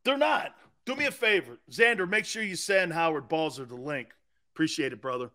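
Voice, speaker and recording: A man's voice: a little high, animated, brisk. A man hosting a sports talk show, ranting in a mocking, incredulous way. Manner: mocking and incredulous, breaking into laughter and shouted outbursts.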